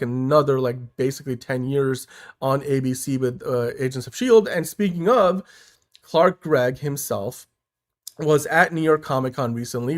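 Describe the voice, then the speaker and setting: A man hosting a casual podcast, talking in an easygoing, reasonable way with lots of fillers. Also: medium pitch. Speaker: podcast host.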